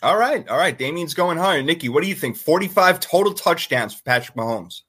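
A man's voice: fairly high pitch, animated, brisk, a bit bright, slightly rough. A man hosting a casual sports talk show, joking around and running a guessing game with his co-hosts.

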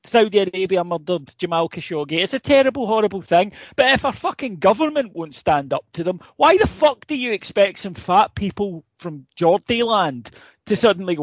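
A man's voice: sits high, expressive, normal speed, no room sound, highs cut off. A British man co-hosting a podcast, ranting and swearing in casual chat. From Britain. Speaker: podcast co-host.

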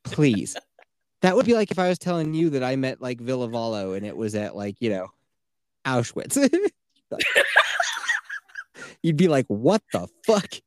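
A man's voice: medium pitch, expressive, normal speed, a little mellow, clean tone, dry recording, studio quality. A man co-hosting a podcast, telling stories in a loose, profane way and slipping into quoted voices. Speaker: podcast co-host. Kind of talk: casual chat.

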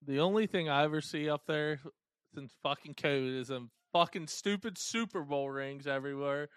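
A man's voice: on the high side, normal speed, a bit bright, clean tone, dry recording. A man co-hosting a podcast, bringing up topics in laid-back casual chat with swearing. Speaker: podcast co-host.

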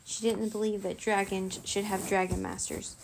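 A woman reading a children's chapter book aloud in a steady, plain storytelling manner. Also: mid-range voice, moderate pace, vocal fry, a little hiss or hum. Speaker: narrator.

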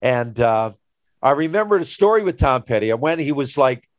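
Older man, rambling storyteller, casual chat, middle pitch, dry room. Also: normal speed, no room sound. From Newfoundland, Canada. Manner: rambling storyteller, animated when retelling anecdotes.

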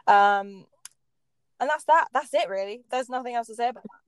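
A woman's voice: fairly high pitch, normal speed, smooth, dry recording. A young woman co-hosting a podcast in a casual, chatty way, laughing often. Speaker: podcast co-host. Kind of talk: casual chat.

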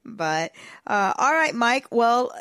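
A woman co-hosting a casual motorsport chat, talkative and quick to laugh. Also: fairly high pitch, very animated, a bit bright, clean tone, no room sound, clean studio sound. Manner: chatty, laughs easily, wraps up the show. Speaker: motorsport podcast co-host.

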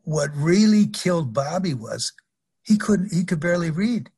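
Older man, husky rambling storyteller. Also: a little high, expressive, normal speed, darkish tone. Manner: rambling anecdotes with repeated restarts and laughs. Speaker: guest, former pro wrestler. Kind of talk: storytelling interview.

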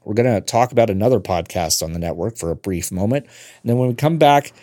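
A man's voice: on the low side, expressive, fast, mellow, no echo, clean studio sound. A man hosting a podcast, talking in a loose, meandering, conversational way. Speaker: podcast host. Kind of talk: casual podcast talk.

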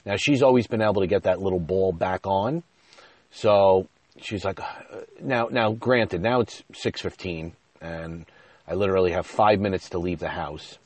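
A man hosting his own podcast, telling a rambling, self-deprecating story full of "you know," his voice jumping up and getting loud when he retells an argument. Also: deep voice, moderate pace, no echo. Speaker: podcast host. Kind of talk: casual storytelling monologue. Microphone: podcast mic.

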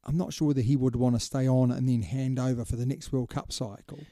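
Mellow-voiced man co-hosting a casual podcast. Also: mid-range voice, steady tone, fairly quick, no room sound, studio quality. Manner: chatty and opinionated, drops "mate" often. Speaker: podcast co-host. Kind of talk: casual chat.

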